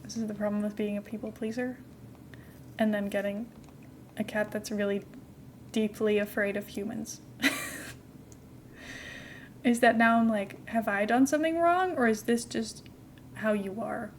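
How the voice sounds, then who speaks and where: A young adult woman streaming a game from home, chatting in a rambling, casual way and cooing softly at her cat now and then. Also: medium pitch, steady tone, a little slow, long pauses, slight background noise. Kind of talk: casual live-stream chat while gaming.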